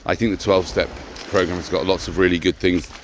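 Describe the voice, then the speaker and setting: A man's voice: low voice, steady tone, a little fast, a little hiss or hum. A man in a reflective conversation who talks hesitantly, often repeating words and restarting. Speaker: co-host of a personal growth talk.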